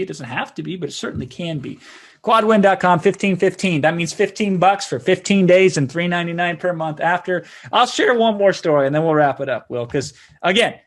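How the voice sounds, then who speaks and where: A man leads a sales webinar with a somewhat raised pitch. He talks persuasively and conversationally, telling stories and checking in with his listeners as he goes. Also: fairly bright tone. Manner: persuasive, conversational, frequent "right?" tags. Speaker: webinar host.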